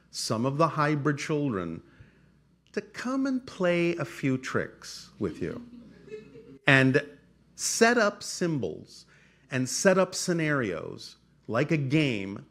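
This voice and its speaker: A man speaks in a formal, measured, channeled cadence, stacking repeated phrases and checking in with the listener. His pitch sits in a middle range, and his delivery stays steady and deliberate. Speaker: channeler answering audience questions. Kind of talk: channeled spiritual talk.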